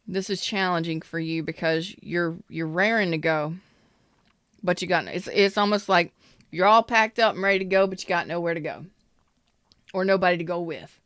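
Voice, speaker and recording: A woman hosts a casual live-streamed tarot reading, speaking in a smooth, clear voice. She talks bluntly, swears now and then, and greets viewers by name. The sound is dry and close, with little room echo. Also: on the low side, normal speed, a bit bright. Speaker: tarot reader.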